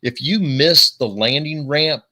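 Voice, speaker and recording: A man's voice: fairly high pitch, measured pace, pushed and bright. A man hosting a podcast, enthusiastic and affirming in casual chat.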